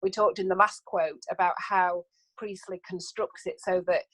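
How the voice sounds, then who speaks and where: A woman's voice: fairly low pitch, fairly even intonation, moderate pace, fairly bright tone, no room sound, poor audio. A woman English teacher discussing a play in an informal revision chat, enthusiastic and rambling. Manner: enthusiastic, rambling, laughs at her own slips.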